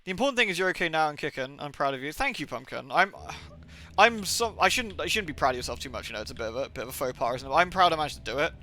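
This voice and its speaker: A man's voice: fairly high pitch, lively intonation, racing, sharp tone. A man from the southwest of England with a mixed Somerset and Birmingham accent, rambling casually and swearing freely while he streams a game from home. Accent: Somerset and Birmingham mix. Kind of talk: casual live-stream chat.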